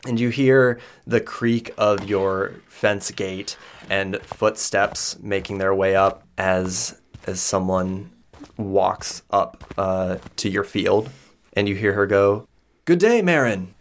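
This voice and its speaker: Man, game master, low voice, gravelly, descriptive narration with fillers. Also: flat delivery, takes it slowly.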